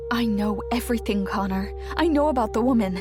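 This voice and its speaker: A frantic young wife hurls accusations in a raised, high voice, hissing and insisting on every word, as a woman narrator puts her on. Soft music plays faintly under her. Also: fairly quick, lightly acted. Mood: accusing.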